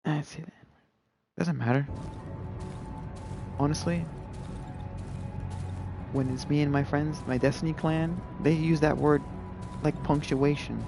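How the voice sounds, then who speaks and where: A man with a gravelly, creaky voice at a middling pitch, chatting loosely as he plays a game live. He rambles along with plenty of "like" and "you know". Game music plays steadily behind him. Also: fairly even intonation, unhurried, long pauses. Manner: laid-back and rambling, full of "like" and "you know". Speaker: gaming streamer. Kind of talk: casual live gameplay commentary.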